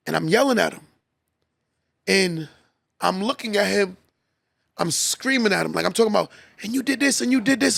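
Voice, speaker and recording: Gravelly, high-pitched male podcast host, dry close sound, preachy motivational talk. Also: a bit bright, dry recording. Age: adult, father of a son. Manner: preachy, repeats key lines for emphasis. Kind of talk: motivational monologue.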